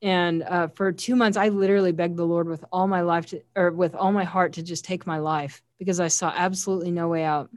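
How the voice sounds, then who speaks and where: A woman's voice: fairly low pitch, fairly even intonation, brisk, few pauses, a little mellow. A woman giving an earnest, heartfelt faith testimony as an interview guest, often quoting scripture. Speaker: guest sharing a personal testimony.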